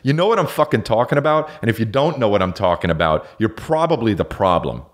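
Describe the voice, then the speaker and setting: A man's voice: lowish voice, very animated, fast talker. A man hosting a podcast, rambling through a profane, self-mocking comedic monologue that keeps going off track. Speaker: podcast host.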